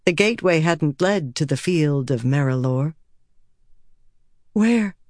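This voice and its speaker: Audiobook narrator: measured and steady, mid pitch, close, dry studio sound. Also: no echo. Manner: measured and steady, voicing characters. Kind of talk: scripted narration.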